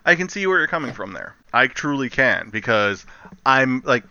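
Bright-voiced man on a dull lo-fi mic. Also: mid-range voice, sing-song, moderate pace, no echo. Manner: easygoing, joking. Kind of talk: casual chat.

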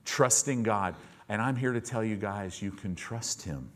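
A man's voice: fairly low pitch, a little slow, slight background noise. A man preaching a sermon as a pastor, telling stories and acting out the voices of the people he quotes, while the congregation calls back in the church service.

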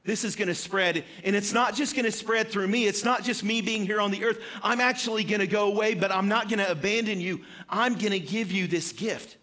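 A preacher voicing a calm, patient male teacher who speaks to his followers in a gentle, reassuring way. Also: high-pitched, brisk, hardly any pauses.

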